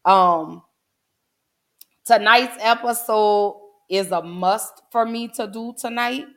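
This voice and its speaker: A woman's voice: mid-range voice, slow pace. A woman in her forties hosting a casual livestream, talking earnestly to her viewers and holding back tears. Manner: earnest, heartfelt, many "um"s, addresses chat as "y'all". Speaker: livestream host.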